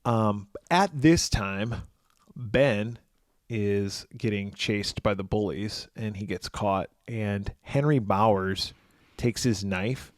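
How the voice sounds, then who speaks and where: A man's voice: on the low side, slow pace, no room sound, clean studio sound. A man co-hosting a podcast, recapping a film's plot in casual, profane, joking chat. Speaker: podcast co-host. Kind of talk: casual horror film review chat.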